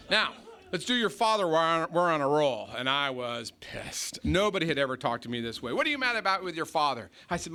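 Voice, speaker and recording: A man's voice: fairly high pitch, sharp tone, slight background noise. An American man speaking at a recovery meeting, bluntly telling his own story to a live audience and acting out heated back-and-forth talk. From United States. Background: faint audience laughter.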